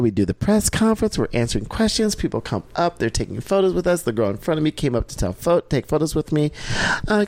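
A flamboyant man tells his stories with big swings in pitch, leaping up into falsetto whenever he quotes himself. He calls people "child" and "baby," and his voice sounds close and dry. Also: no echo. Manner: flamboyant, dramatic, jumps into high falsetto when quoting himself. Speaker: interview guest. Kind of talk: animated storytelling in a casual interview.

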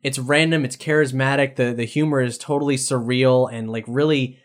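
A man's voice: medium pitch, fairly even intonation, normal speed. A man co-hosting a podcast, talking in a loose, enthusiastic way with frequent restarts. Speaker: podcast co-host. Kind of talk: casual chat.

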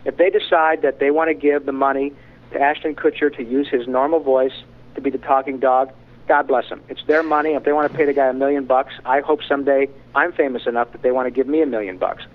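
A man in a casual interview, a voice actor guest who tells animated stories with frank, candid asides. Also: mid-range voice, fast talker. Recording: tinny phone-line sound.

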